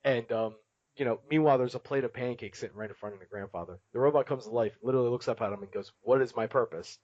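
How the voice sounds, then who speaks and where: A man's voice: mid-range voice, racing, darkish tone, no echo. Male co-host, casual, laugh-prone storyteller; dry lo-fi recording. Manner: laughs often while retelling a cartoon scene. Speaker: podcast co-host. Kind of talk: casual chat. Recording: dull lo-fi, dry.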